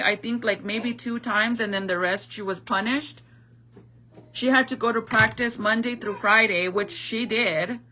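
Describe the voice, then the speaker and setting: A woman's voice: on the high side, bright, forceful tone. A young woman telling a story in a heated, profane, slangy rant, as a vlogger.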